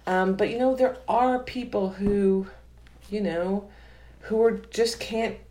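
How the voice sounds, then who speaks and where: A woman's voice: mid-range voice, steady tone, slow, mellow. A woman author talking casually about a book she loves, enthusiastic and rambling, with frequent restarts. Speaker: author and podcast guest.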